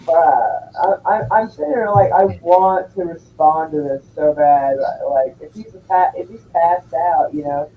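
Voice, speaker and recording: A woman's voice: sits low, a little slow, hardly any pauses, distant mic, phone-quality sound, slight background noise. A woman telling a story in casual chat, blunt and full of swearing. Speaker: streamer chatting with viewers.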